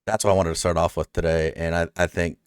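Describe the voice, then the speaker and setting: A man's voice: low-pitched, flat delivery, fast talker, clear, resonant tone, no room sound, clean studio sound. A man hosting a casual interview, rambling through a heartfelt story with many fillers. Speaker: podcast host.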